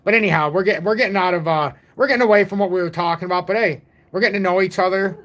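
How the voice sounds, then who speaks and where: A man's voice: high voice, rapid-fire, fairly bright tone. A man in his forties hosting a casual crypto livestream, rambling and joking at his own expense. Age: 40s. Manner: rambling, jokey, self-deprecating. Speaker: crypto channel host.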